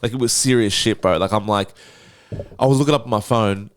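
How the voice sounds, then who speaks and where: Swearing freely and performing the quotes, a young Australian podcast host animatedly tells a casual story. His voice is on the low side and fairly quick, recorded dry at studio quality.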